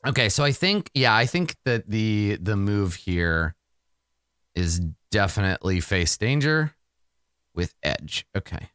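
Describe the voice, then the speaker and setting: A man's voice: lowish voice, animated, a little slow, a bit bright, smooth, dry recording, studio quality. A man thinking aloud as he plays a solo tabletop roleplaying game, rambling and swearing freely as the dice go against him.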